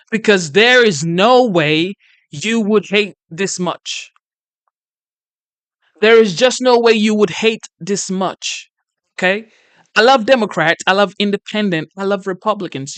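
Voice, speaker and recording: A reaction-video host talks back at a clip in an earnest, sometimes preachy tone and sounds exasperated. The voice is smooth and clear. It is recorded close and dry, with no room sound. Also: mid-range voice, fairly bright tone, no room sound. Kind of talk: casual reaction commentary.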